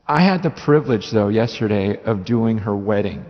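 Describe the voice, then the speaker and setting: A man preaching a sermon as a pastor, telling a story with lively, acted-out quotes. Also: on the low side, moderate pace. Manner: animated storytelling, acting out voices in quotes. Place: church hall. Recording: roomy hall reverb, dull audio, faint music.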